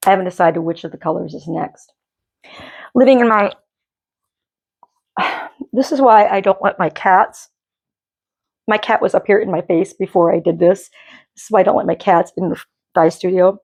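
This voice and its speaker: Chatting casually from her home dye studio, a woman hosts a knitting podcast, rambling and often restarting her sentences. Her voice is fairly low, gravelly and a little mellow, moving at a normal speed with frequent pauses.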